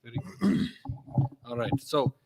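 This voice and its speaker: A man's voice: mid-range voice, lively intonation, measured pace, vocal fry, dark tone. A man hosting a podcast from a cigar lounge studio, chatting casually in a playful, teasing way. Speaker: podcast host. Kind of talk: casual chat.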